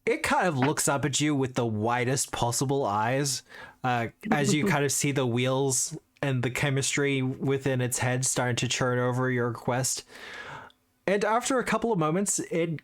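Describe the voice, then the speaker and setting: A game master describing a scene to the players in a relaxed, descriptive way. The pitch sits in the middle range. The delivery is conversational rather than theatrical. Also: moderate pace. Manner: easygoing descriptive narration. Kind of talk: narrating a tabletop game.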